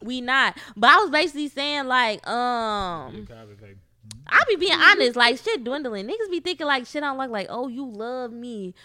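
Young woman chatting with friends, high voice swinging up and down, blunt and cussing. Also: lively intonation, normal speed, sharp tone. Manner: blunt, emphatic and profane, often quoting others. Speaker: podcast co-host. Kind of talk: casual group chat.

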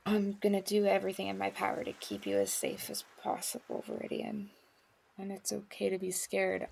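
A woman playing her character in a tabletop game, speaking in a halting, earnest way. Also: medium pitch, very animated, creaky, slight background noise. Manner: halting, earnest, with soft laughs. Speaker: player.

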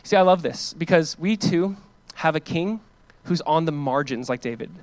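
Emphatic pastor, higher male voice. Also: moderate pace, a little mellow, no echo. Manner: earnest, emphatic preaching with casual asides. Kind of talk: sermon.

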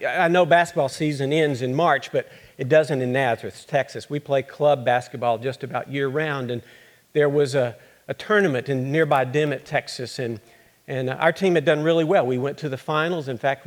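A man playing an earnest teenage girl basketball player in a first-person monologue, halting and repeating words as she remembers. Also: fairly high pitch, close to an everyday voice.

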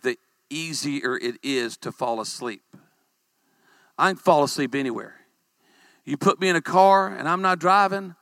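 A man, a pastor, preaching a humorous sermon with animated storytelling and calls for amens. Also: on the high side, no room sound.

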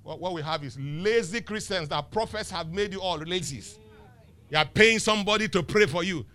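A man's voice: high-pitched, moderate pace, sharp tone. A male pastor preaching a sermon, emphatic and teasing, firing rhetorical questions at the congregation. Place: church.

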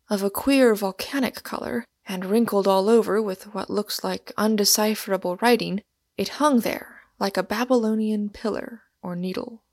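A woman narrating a literary novel in a measured, descriptive reading. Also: medium pitch, no echo, studio quality. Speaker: audiobook narrator.

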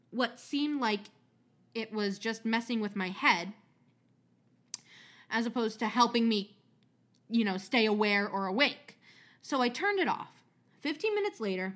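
A woman's voice: on the high side, fairly bright tone. A woman hosting a podcast, reading a story aloud with casual asides, chatty and swearing freely.

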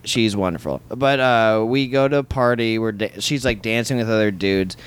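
A man with a lowish voice tells a long, rambling story in loose, drunken chat. He swears freely and acts out the other people's lines as he goes. The talk happens in a hotel room. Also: normal speed, clean tone. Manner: profane, rambling anecdotes with acted-out quotes. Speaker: comedian guest.

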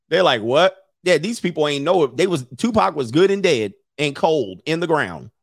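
A slightly high, creaky voice belongs to a middle-aged man who reads an article at normal speed, barely pausing, while making crude, casual comments. He's blunt and animated, laughs a lot, and drops into mocking impressions. The audio is clean studio sound with no echo.

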